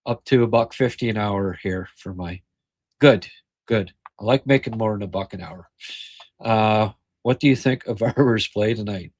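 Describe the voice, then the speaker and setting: A middle-aged man with an Ottawa Valley accent hosting a casual hockey podcast, speaking haltingly with frequent pauses and fillers. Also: lowish voice, darkish tone, no echo. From Ottawa Valley, Canada. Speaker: podcast host. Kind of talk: casual post-game hockey chat, reading viewer comments.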